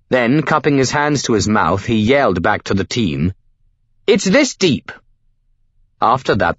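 A man narrating a novel in a measured, scripted storytelling delivery. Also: sits low, dry recording, dull audio. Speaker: audiobook narrator.

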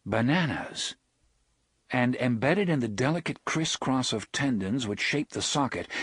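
A man narrating a novel in a measured, expressive storytelling manner. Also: mid-range voice, husky, dry recording. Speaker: audiobook narrator. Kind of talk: scripted narration.

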